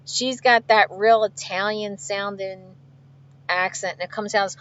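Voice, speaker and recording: A woman's voice: mid-range voice, steady tone, a little slow, a bit bright, slight background noise. A woman truck driver from outside chatting casually on a livestream, answering viewers' questions with frequent laughs. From outside Philadelphia. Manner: chatty, laughs often, reads viewer comments aloud. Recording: dull lo-fi stream audio.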